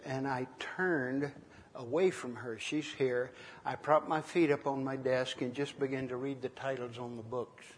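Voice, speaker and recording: An older male minister gives a relaxed, conversational sermon, pausing often as he tells stories from his ministry. His voice sits at an ordinary middle pitch. The sound carries a long, lingering reverb, as if recorded in a large hall. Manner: unhurried, conversational preaching with many pauses. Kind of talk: sermon teaching with personal stories.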